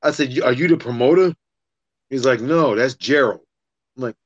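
In a loose, profane podcast chat, a man tells a fight story with brisk energy, slipping into the voices of the people involved. His mid-pitched voice is recorded close and dry, with a slightly dull, muffled quality.

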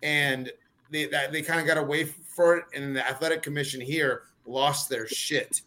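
Bright-voiced man chatting loosely. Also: a little high, steady tone, normal speed, a little hiss or hum. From California. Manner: rambling, filler-heavy, restarts often. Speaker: fighter and podcast guest. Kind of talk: casual chat.

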